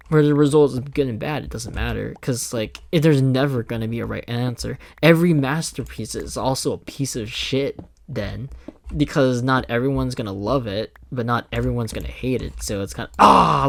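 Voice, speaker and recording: A young male gaming video creator with a gravelly, mid-range voice chats casually while playing a survival game. His commentary rambles through loose thoughts, and he swears when something startles him.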